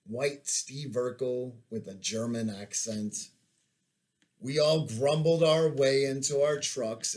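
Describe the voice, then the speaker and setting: Man, army veteran, reading memoir, slow, plain-spoken, mid pitch. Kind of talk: reading his memoir aloud.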